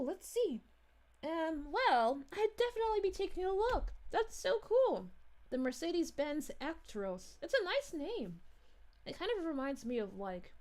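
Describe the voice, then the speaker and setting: Lady doing a high sing-song space princess, giggly and gushing, voice swoops all over. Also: a little mellow. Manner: bubbly, giggly, gushing thanks. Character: cheerful motherly space princess, gentle and gushing. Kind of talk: live-stream chat reading in character.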